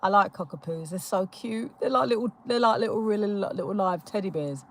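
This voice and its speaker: A woman's voice: medium pitch, fairly quick, slight background noise, low-quality recording. Chatty British woman greeting live viewers. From United Kingdom. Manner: chatty and giggly, with many fillers and restarts. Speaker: livestream host.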